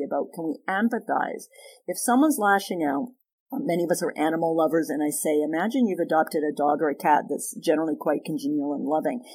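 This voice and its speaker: A woman therapist as a podcast guest, explaining ideas through animated stories and acted-out dialogue. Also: fairly low pitch, slightly rough. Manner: animated storyteller, acts out quoted dialogue. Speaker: guest sex therapist and psychologist. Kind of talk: conversational podcast interview.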